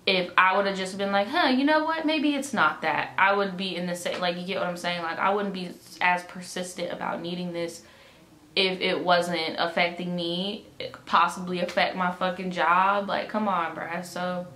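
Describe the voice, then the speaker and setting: A young female vlogger tells a storytime at home, exasperated and swearing as she acts out both sides of a conversation, her jaw swollen and aching. Her voice is fairly low at normal speed. Recorded indoors on a camera mic, the room is echoey with faint ambient noise.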